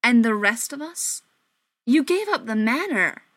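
A hot-tempered young male vampire of a storybook , voiced by a woman reader. His speech comes sharp, clipped and raised in pitch. The recording is dry and close. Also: big pitch swings, a little slow, no room sound, full character voice. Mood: outraged. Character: young male vampire, tense and quick to anger.

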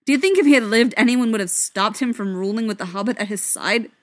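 A woman's voice: medium pitch, fairly even intonation, a little fast, no room sound, natural voice. Brief: a woman playing a young dwarf prince, stiffly formal, bitter edge, dry sound.

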